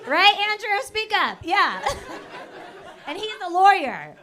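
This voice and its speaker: A woman's voice: very high-pitched, big pitch swings, slow. A woman performing a stand-up comedy set in front of a live audience, laughing between jokes and teasing the crowd. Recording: live club with loud crowd laughter and room noise.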